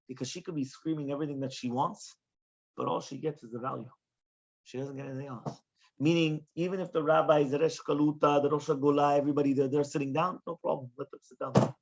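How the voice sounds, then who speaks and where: A man, a rabbi, teaching a Talmud class in an animated way, often checking in with questions. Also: a little high, a little fast. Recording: dull lo-fi recording.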